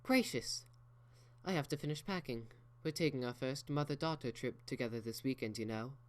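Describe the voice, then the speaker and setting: A man's voice: mid-range voice, brisk, pitched above the performer's own voice, natural voice. A man voicing an elegant, proper unicorn mare who speaks in a genteel, theatrical way. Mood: breezy.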